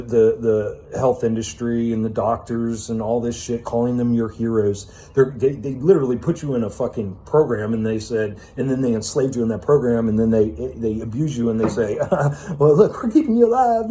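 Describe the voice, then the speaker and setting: A man of medium pitch and dark tone rants his way through an unscripted self-help talk, punctuating it with emphatic swearing and casual fillers like "man" and "you know."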